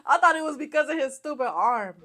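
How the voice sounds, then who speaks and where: A woman's voice: high voice, lively intonation, fast talker, bright, forceful tone. A young woman giving casual reaction commentary to a movie, talking back at the screen with teasing jokes and exclamations.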